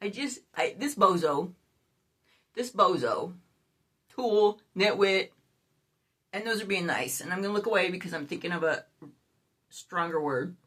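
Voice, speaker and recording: A woman's voice: lowish voice, expressive, a little slow, long pauses, fairly bright tone, husky. Outspoken woman in her sixties. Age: 60s. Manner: outspoken, swears, exasperated. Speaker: vlogger. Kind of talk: candid storytelling to camera.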